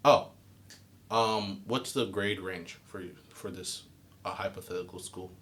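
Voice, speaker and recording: A man's voice: low voice, unhurried, slight background noise. A young man co-hosting a podcast, telling stories in casual chat and acting out the voices of people in them while swearing freely. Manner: animated storyteller, swears freely, acts out voices. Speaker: podcast co-host.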